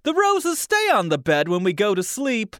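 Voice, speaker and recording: A man's voice: sits high, wildly swooping pitch, moderate pace, a bit bright, clean tone, no room sound, studio quality, pitched above the performer's own voice, heavily acted. A man putting on a New Jersey accent to voice a corny, nervous, lovestruck man. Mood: sappy.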